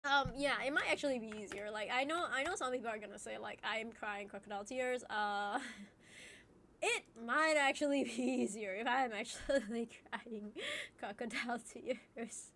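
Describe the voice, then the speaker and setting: A woman's voice: a little high, moderate pace, fairly bright tone, slight background noise. A woman streamer chatting casually with her viewers while crying, laughing through her tears, apologizing and restarting her sentences. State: tearful, crying while talking.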